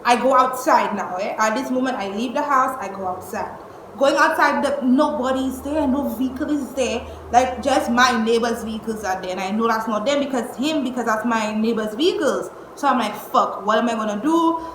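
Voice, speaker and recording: A young woman, telling a storytime vlog at home in an exasperated, animated way, cursing and using slang. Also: a little high, moderate pace. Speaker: vlogger. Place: indoors at home. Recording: echoey room with faint noise.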